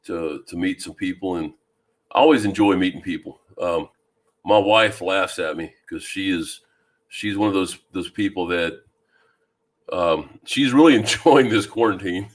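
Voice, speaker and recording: A man from Louisiana hosting a fishing live stream, chatting casually and greeting viewers by name with a deep voice and plenty of ums. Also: unhurried. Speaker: fishing channel host. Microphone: new microphone.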